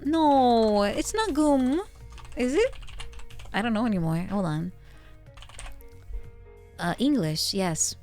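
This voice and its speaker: A giggly woman with a Dutch accent chats casually on a stream. Her voice sits a little high and swoops widely up and down, and she talks at an unhurried pace. Faint music plays behind her. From Netherlands. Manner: giggly, laughs often, squeals in excitement. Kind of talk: casual chat.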